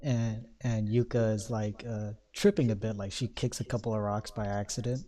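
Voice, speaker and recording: A man running a tabletop role-playing game as game master, narrating the scene in a loose, halting way full of fillers. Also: lowish voice, level tone, dark tone.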